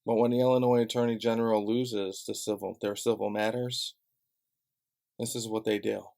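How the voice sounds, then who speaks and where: A man's voice: fairly low pitch, flat delivery, normal speed, vocal fry, a little mellow. A man from Chicago delivering a heated, sarcastic, profane rant straight to camera. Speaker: vlogger.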